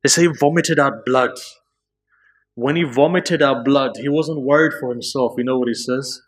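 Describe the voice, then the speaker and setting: Impassioned male preacher. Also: breathy edge. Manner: builds to high, impassioned pleading in stories; slow, drawn-out emphasis. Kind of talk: emotional religious sermon.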